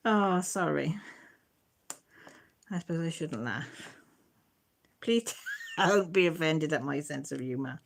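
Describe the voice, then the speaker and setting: A woman's voice: deep voice, lively intonation, slow, gravelly, long pauses. Giggly middle-aged woman chatting. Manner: giggly, self-deprecating, chatty. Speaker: live stream host. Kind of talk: casual live chat reading viewer comments.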